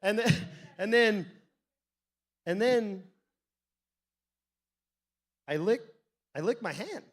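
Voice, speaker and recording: A man's voice: sits high, animated, very slow, pauses often. A young man doing a stand-up comedy set on a club stage, telling crude, rambling stories with lots of swearing and laughing at his own jokes. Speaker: stand-up comic.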